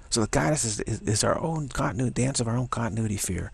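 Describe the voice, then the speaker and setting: Man, very raspy, husky, spiritual teacher, playful, rambling, laughs often. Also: medium pitch, animated, fast, few pauses.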